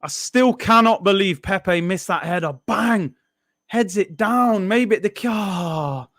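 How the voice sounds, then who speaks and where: A young man hosting a live football watchalong, frustrated and animated, breaking into sudden shouts. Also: high voice, takes it slowly. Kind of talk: live match reaction.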